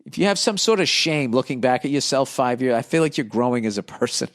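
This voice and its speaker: Brief: middle-aged male comic podcaster, casual profane rants reading listener mail, ordinary mid-pitched voice. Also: fast talker, hardly any pauses. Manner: blunt profane ranting with lively animated swings.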